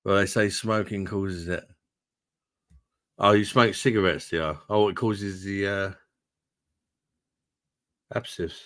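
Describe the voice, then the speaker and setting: A man's voice: low-pitched, fairly even intonation, slow, pauses often, fairly bright tone, dry recording, studio quality. A man casually chatting on a livestream, swearing freely and calling his viewers mate. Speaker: livestream host reading chat. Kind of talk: casual live chat.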